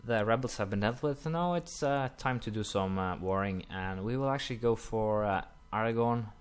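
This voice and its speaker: Low, smooth-voiced young man playing a game. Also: moderate pace. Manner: rambling, many "uh" fillers, apologetic asides. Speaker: gaming commentator. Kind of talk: casual let's-play commentary.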